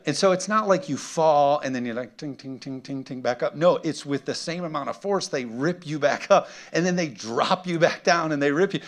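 A middle-aged man preaching a sermon to his congregation, energetic and humorous, often asking the room for an amen. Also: fairly high pitch, moderate pace, few pauses. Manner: energetic preaching with call-and-response questions and humor. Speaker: pastor. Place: church sanctuary with congregation.

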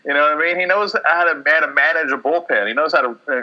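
A man's voice: fairly high pitch, very fast, sharp tone, lo-fi sound. A man hosting casual sports talk on the radio, loose and joking, swearing with lots of fillers.

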